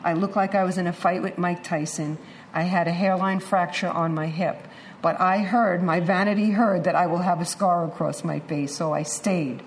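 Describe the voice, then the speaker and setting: A woman's voice: lowish voice, a little hiss or hum. A middle-aged woman giving a candid personal testimony to an audience, acting out the voices she quotes. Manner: candid, animated storytelling with acted-out quotes. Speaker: speaker sharing a recovery story.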